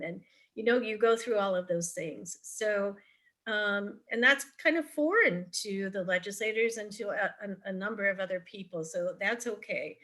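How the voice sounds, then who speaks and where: In a virtual forum, a middle-aged parent advocate shares advice and anecdotes over a video call in a chatty manner. Her voice is mid-range and a bit bright at a moderate pace, punctuated by frequent ums and restarted sentences.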